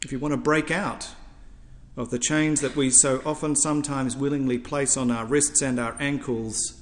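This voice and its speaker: A man's voice: mid-range voice, fairly even intonation, normal speed, big-room sound. A male priest preaching a sermon, building his points through rhetorical lists and repetition.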